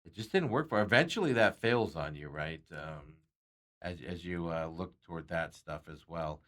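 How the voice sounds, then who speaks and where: A man's voice: sits low, expressive, moderate pace, fairly bright tone. A man hosting a sports talk show, chatting casually and rambling with frequent chuckles.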